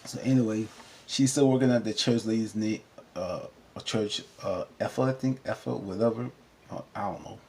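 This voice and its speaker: A man recapping a TV episode in a casual, animated, rambling way, often cutting himself off, with features. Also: fairly low pitch, normal speed, creaky. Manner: animated, rambling, self-interrupting. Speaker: TV recap vlogger. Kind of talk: casual chat.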